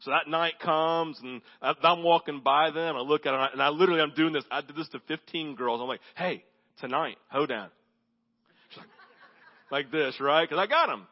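A man preaching a sermon as pastor, telling stories with animated delivery that drops to a low, intense hush. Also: fairly quick, highs cut off. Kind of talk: sermon with storytelling.

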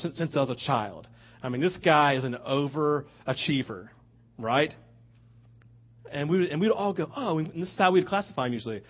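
A man preaching a sermon, switching between loud rhetorical questions and hushed asides. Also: fairly high pitch, animated, brisk. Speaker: pastor. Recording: dull lo-fi recording.

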